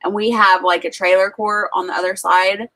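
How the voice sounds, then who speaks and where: Her voice is medium-pitched and sharp, with a flat delivery at a moderate pace. As host of a casual livestream from a rural farm home, she chats through stories loaded with "like" and side remarks.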